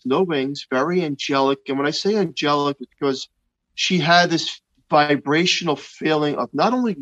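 A man in his fifties slowly and earnestly recounting a personal experience, with frequent pauses and restarts. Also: a little high, a bit bright, lo-fi sound. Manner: slow, halting, earnest retelling with many restarts. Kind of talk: personal testimony of a near-death experience.

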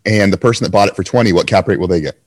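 Fast-talking, slightly hoarse male host. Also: sits low, no room sound. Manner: fast, enthusiastic questioning. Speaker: podcast host. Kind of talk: conversational interview.

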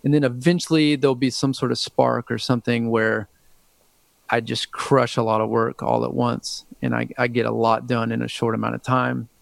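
A man in his thirties with a gravelly, creaky voice chats as an interview guest, stopping and restarting his sentences often. The recording is dry and close, with no room sound. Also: medium pitch, level tone, moderate pace, no room sound. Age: 30s. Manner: hesitant, rambling, many restarts. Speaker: musician guest. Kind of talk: casual interview chat.

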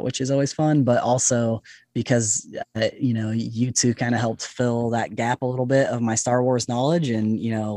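A man's voice: lowish voice, a little mellow, no echo. Enthusiastic man chatting on a podcast. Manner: enthusiastic, chatty, laughs often. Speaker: podcast guest. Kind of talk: casual podcast chat.

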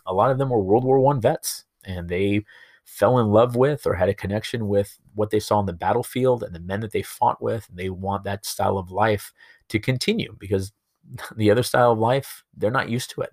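A man teaching history over slides in a relaxed, storytelling way, with many fillers and asides. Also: lowish voice, no echo, clean studio sound. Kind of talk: recorded lecture over slides.

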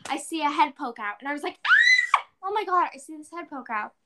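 Over heavy background noise, a teenage girl with a high-pitched, expressive voice talks fast while co-hosting a podcast. In casual chat, she wanders through a story, saying "like" constantly and performing her own exclamations.

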